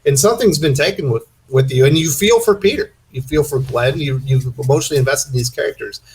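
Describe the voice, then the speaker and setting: A man's voice: fairly high pitch, quick pace, darkish tone, husky, rough recording. A man co-hosting a comic book podcast, leading the discussion with enthusiasm in a casual manner. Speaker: podcast co-host.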